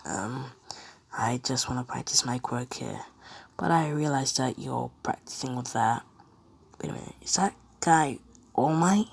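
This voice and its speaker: A woman's voice: a bass voice, animated, a little slow, gravelly, breathy edge, exaggerated voice. A woman voicing an earnest, shy teenage boy who thinks aloud in a fan-made story.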